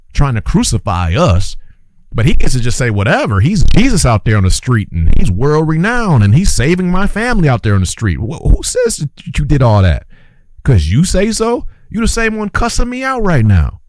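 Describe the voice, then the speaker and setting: A man delivers a fired-up opinion monologue in a preachy, urgent tone, his pitch swinging widely from line to line. He repeats phrases to drive each point home and speaks to his listeners as brothers and sisters. The sound is dry, with no room echo. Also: darkish tone. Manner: urgent, exclaiming. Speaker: host and commentator.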